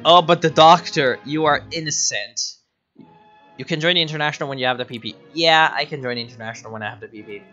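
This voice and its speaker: A man giving casual, profane, excitable commentary while livestreaming a strategy game, often laughing. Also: on the high side, fast talker. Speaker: streamer. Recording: dull lo-fi mic with faint music.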